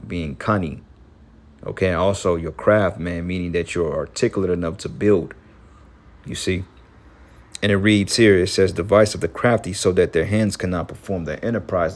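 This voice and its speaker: Male preacher, low voice, heated, profane livestream rant. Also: darkish tone, a little hiss or hum. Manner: repetitive fillers, frequent "man". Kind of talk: livestream scripture teaching.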